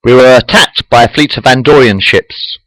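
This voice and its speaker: A man voicing a calm, reserved alien ambassador in a matter-of-fact way. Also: medium pitch, normal speed, no room sound, natural voice, poor audio.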